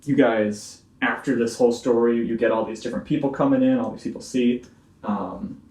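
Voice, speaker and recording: A man's voice: medium pitch, steady tone, fairly quick, darkish tone. A man narrating a tabletop game as game master, rambling with lots of fillers. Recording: roomy room, distant mic.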